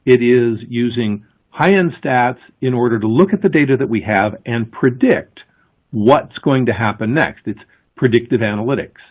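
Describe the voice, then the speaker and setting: A man presents at a conference, his pitch rising and falling in a lively way as he explains step by step. His voice is a touch husky. The recording is thin and lo-fi, much like a phone line. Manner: explanatory, emphatic, with pauses before key words. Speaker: conference speaker.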